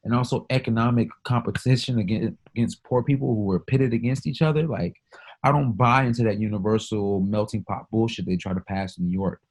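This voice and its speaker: Low-voiced man ranting on a podcast. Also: darkish tone. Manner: emphatic, profane, storytelling. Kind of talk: casual podcast chat.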